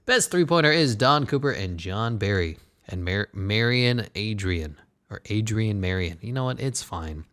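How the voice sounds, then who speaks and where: A man's voice: on the low side, animated, unhurried, fairly bright tone. A man commentating his basketball video game in a casual, sarcastic way, swearing and muttering asides. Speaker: gaming channel host.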